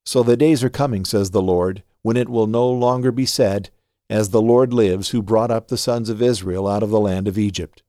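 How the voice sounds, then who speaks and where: A man reading Bible passages aloud in a measured, steady way. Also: fairly low pitch, no echo, studio quality. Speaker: scripture reader.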